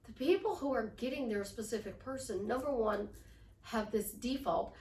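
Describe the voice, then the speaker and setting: A woman life coach giving casual relationship advice in an animated way, often slipping into little role-play voices. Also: a little high, normal speed, echoey room, recorded from a distance.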